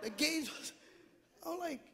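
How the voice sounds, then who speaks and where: A man doing stand-up comedy on a theater stage, loud and animated, mimicking family members. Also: extremely high pitch, slow pace, vocal fry, a little hiss or hum. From Hawaii. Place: theater stage before a live audience. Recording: echoey theater with a laughing crowd. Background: audience laughter.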